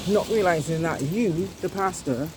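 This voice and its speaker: A woman's voice: fairly low pitch, moderate pace. Fired-up woman venting at the camera, keeps repeating herself, noisy hiss behind her. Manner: indignant, emphatic, repeats itself, swears. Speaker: vlogger. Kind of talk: angry monologue to camera. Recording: noisy home recording.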